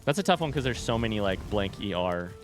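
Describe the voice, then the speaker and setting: A man streaming a video game, chatting casually with a rambling, relaxed manner full of fillers. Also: on the low side, quick pace, soft background music. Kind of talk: casual gameplay chat.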